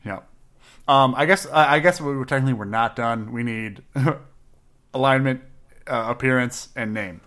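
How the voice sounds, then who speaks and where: A man of middle pitch co-hosts a relaxed podcast from his desk at home. He talks in a playful, rambling way and breaks into laughter often. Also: moderate pace. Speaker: podcast co-host. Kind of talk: casual chat building a game character.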